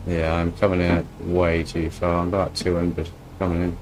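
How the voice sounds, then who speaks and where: A man's voice: low voice, monotone, moderate pace, background noise. A man streaming a flight simulator, chatting casually and joking with a friend as he lands and taxis. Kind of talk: casual gameplay chat.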